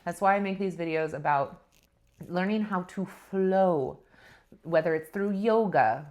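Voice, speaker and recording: A woman's voice: fairly low pitch, a little slow, a little mellow. A woman host of a spiritual vlog telling a personal story in a chatty, self-mocking way, laughing often. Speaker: spiritual vlogger.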